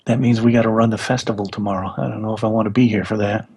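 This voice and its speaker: A man's voice: on the low side, steady tone, rapid-fire, darkish tone, breathy edge. A man playing in an online tabletop game, making dry, wry remarks. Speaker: player. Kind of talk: casual game chat.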